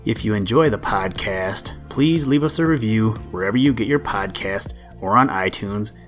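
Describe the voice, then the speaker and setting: A man reading a children's story aloud in a measured, gentle way as a podcast host. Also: lowish voice, soft background music. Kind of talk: storybook narration.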